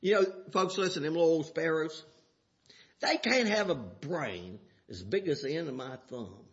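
An older man preaching a sermon in a folksy way, dropping to soft asides and rising to shouts. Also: a little high, animated, moderate pace, muffled recording.

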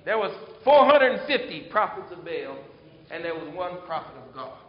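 A man's voice: sits high, moderate pace, slight background noise. Guy preaching, storytelling from scripture, long hall reverb, kinda dull lo-fi. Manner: animated storytelling, reading scripture aloud. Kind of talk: sermon. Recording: echoey hall, dull sound.

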